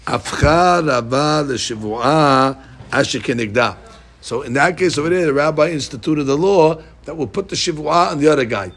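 Gravelly, husky man teaching Talmud. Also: fairly high pitch. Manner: reads Aramaic slowly, explains in animated English. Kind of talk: Talmud class, reading and explaining.

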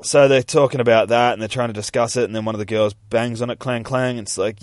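A man hosting a solo comic book podcast, recapping a story in a loose, profane, animated way and acting out the characters' lines. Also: medium pitch, quick pace, few pauses, dry recording, clean studio sound.

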